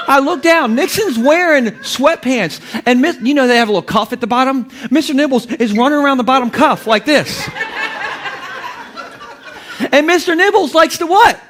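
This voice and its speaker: A man's voice: very high voice, expressive, moderate pace, a bit bright. A man in his thirties preaching a humorous sermon as pastor, telling stories with jokes and laughing often.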